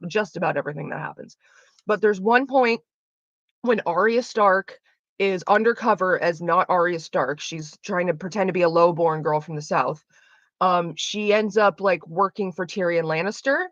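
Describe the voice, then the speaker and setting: A woman's voice: on the low side, fairly bright tone, dry recording. A young woman chatting casually on a livestream, rambling with lots of fillers, restarts and casual swearing. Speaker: streamer. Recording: dull lo-fi dry sound.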